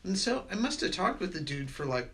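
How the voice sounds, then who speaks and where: A man's voice: high voice, sing-song, brisk, a bit bright. A man in a casual group chat in an office, telling stories in an earnest, enthusiastic way. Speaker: band member.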